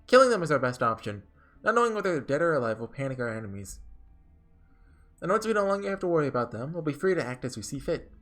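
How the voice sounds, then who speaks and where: A man's voice: on the high side, big pitch swings, quick pace, a bit bright, faint music behind, voice pushed up. A man reading aloud as a callous male oni rider from a game, breezy and mocking.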